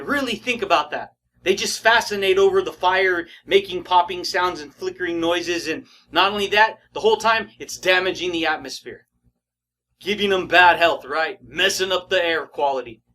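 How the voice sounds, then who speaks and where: A man's voice: sits high, pushed and bright. A man giving a casual motivational talk, slangy and emphatic, often laughing and calling the listener buddy and baby. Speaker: motivational speaker.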